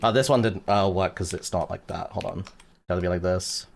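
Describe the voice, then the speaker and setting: A man's voice: low-pitched, fairly quick, vocal fry, over loud music. A man streaming casually and explaining chords in a joking, crude manner, full of swearing and fillers. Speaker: streamer teaching music production. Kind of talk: casual livestream chat.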